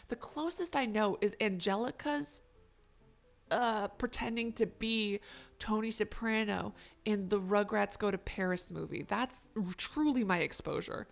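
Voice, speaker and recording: A woman's voice: medium pitch, unhurried, vocal fry. A young woman streamer chatting casually to her viewers while playing a game, swearing and joking. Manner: chatty, self-mocking, swears and laughs a lot. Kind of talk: live game stream commentary.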